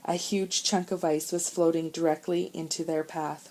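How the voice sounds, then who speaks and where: A woman reads a children's storybook aloud in a calm, measured voice. Her tone is mellow and warm, and her pitch sits on the low side. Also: poor audio. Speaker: audiobook narrator. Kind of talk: storybook narration.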